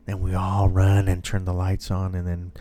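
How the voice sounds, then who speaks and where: A man's voice: low-pitched, completely flat delivery, moderate pace, mellow. A man in casual chat, rambling and swearing freely as he tells a story. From family from Mexico.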